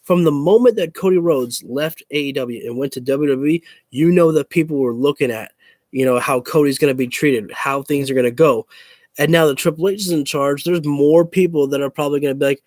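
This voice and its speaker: A man's voice: on the high side, brisk, a little mellow, dry recording. A man in a casual opinion rant to camera as a wrestling YouTuber, frustrated, swearing and repeating himself.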